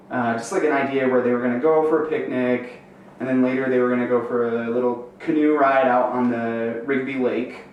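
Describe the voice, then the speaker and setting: A young man tells a meandering joke, filling pauses with ums and building slowly to a punchline. His voice sits at an ordinary pitch and comes from a distance in a very echoey room, with a faint hiss behind him. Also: muffled recording. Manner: rambling, many fillers, builds to a punchline. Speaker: amateur comedian. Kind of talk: storytelling joke. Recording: roomy echo, distant mic, faint noise.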